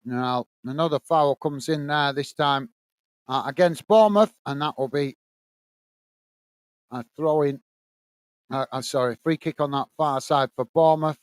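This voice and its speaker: A man's voice: measured pace, pauses often, clear, resonant tone, dry recording. A man from the UK hosting a live football watch-along, calling the play steadily and chatting with viewers between moves. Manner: steady play-by-play, lifts pitch when greeting viewers. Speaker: watch-along host and commentator.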